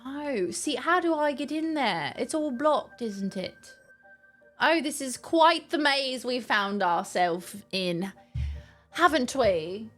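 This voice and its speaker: A woman's voice: high-pitched, lively intonation, slow, fairly bright tone, soft background music. A young woman streaming a video game, chatting with her viewers in a playful, jokey way. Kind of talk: casual live-stream chat.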